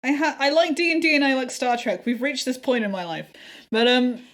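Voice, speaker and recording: A woman's voice: high voice, fairly quick, a bit bright. A woman co-hosting a podcast in casual chat, enthusiastic and often laughing. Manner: enthusiastic, laughing, swearing freely. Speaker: podcast co-host.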